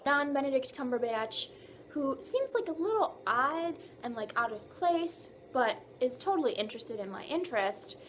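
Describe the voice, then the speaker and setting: A young woman with a fairly high voice tells a long dream story straight to her camera. She rambles loosely, leaning on fillers as the tale tumbles out. A faint hiss of noise sits under her voice. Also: moderate pace. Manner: rambling, filler-heavy, animated retelling of a dream. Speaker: vlogger. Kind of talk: casual storytelling.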